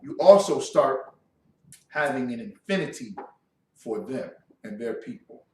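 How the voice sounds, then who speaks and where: A man giving a class lecture in an animated, mocking, confrontational way, with loud outbursts. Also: mid-range voice, a little slow. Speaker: class instructor. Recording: echoey room, mic far off.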